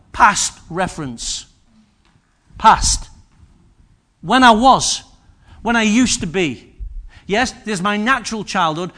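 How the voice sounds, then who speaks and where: An older man preaching a sermon in a church, telling stories and asking the congregation questions. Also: sits high. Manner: lively, storytelling, asks the congregation questions.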